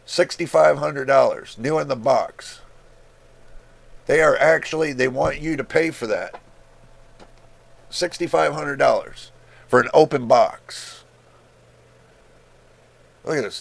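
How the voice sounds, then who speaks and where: With a mid-range voice marked by vocal fry, a man airs his frustration as a tech YouTuber in a laid-back screen-share rant. He's incredulous and blunt, and he swears freely.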